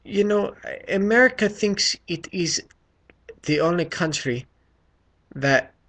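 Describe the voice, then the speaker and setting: A man's voice: sits high, expressive, fairly bright tone, pitched above the performer's own voice, exaggerated voice. A man imitating an earnest young woman. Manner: slow, halting, with a put-on accent.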